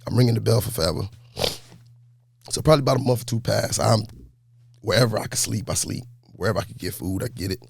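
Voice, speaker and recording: A man, a basketball coach telling his life story in a laid-back, animated way during an interview. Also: lowish voice, fast talker, vocal fry, slightly rough, no echo, studio quality. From New York. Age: 40s. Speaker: high school basketball coach.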